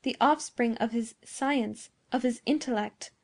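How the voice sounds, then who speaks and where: A sweet, innocent young woman, as a woman narrator puts her on, speaking softly and simply. Her voice sits fairly high, and it is read aloud like a storybook. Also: measured pace. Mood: earnest. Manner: soft and simple.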